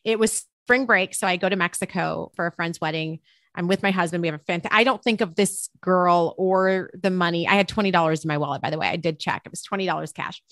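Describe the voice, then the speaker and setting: A woman guest tells a personal story with a bright, forceful voice. She shifts into the voices of the people she quotes. The room is dry and close. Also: fairly low pitch, fast talker, no echo. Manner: expressive, acts out quoted dialogue. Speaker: interview guest and author; teacher.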